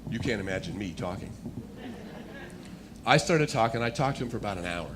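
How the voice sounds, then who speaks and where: A man speaking as a guest speaker, telling a personal testimony in a storytelling manner that builds to animated excitement. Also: fairly low pitch, fairly quick, noisy background.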